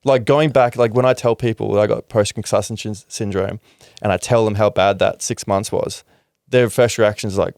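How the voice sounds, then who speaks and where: Frank young Australian man, low voice. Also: steady tone, moderate pace, a little mellow, no echo, clean studio sound. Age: young adult. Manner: frank and reflective, with casual swearing and many fillers. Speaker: podcast guest, former rugby league player. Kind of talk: candid interview talk.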